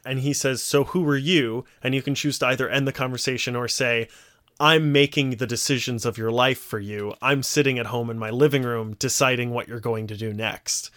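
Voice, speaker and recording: A man's voice: mid-range voice, normal speed. A man co-hosting a casual podcast chat, retelling scenes at length and acting out the quoted lines. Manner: animated storyteller, acts out quoted lines. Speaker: podcast co-host.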